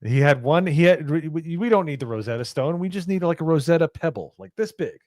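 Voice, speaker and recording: A man's voice: a little high, lively intonation, a little fast, darkish tone, dry recording, clean studio sound. A man co-hosting a casual movie review, adding joking, sarcastic asides.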